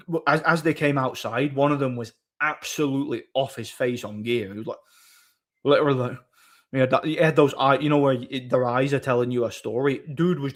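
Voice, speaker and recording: A man hosts a live stream in loose, casual chat. He tells his stories in a rambling way, full of restarts, with blunt and crude banter. His voice sits at an ordinary middle pitch. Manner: rambling storyteller, frequent restarts.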